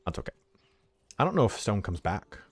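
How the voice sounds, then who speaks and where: A man's voice: on the low side, very animated, fairly quick, slightly rough. A man streaming a strategy game, chatting casually, swearing freely and breaking off to give his dog commands at home. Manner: laid-back, swears freely, talks to his dog between game commentary. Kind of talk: casual live-stream chat.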